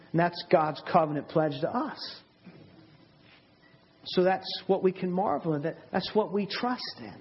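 A man preaching a sermon, earnest and emphatic, often repeating words and slowing down to stress them. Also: a little high. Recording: dull lo-fi sermon audio.

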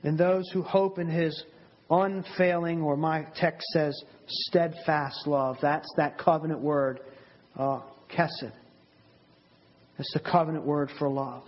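A man delivers a sermon in an earnest, emphatic way, slowing to press on key words and repeating them for weight. His voice sits a little high and carries a husky edge. The recording sounds dull and lo-fi. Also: steady tone. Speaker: preacher.

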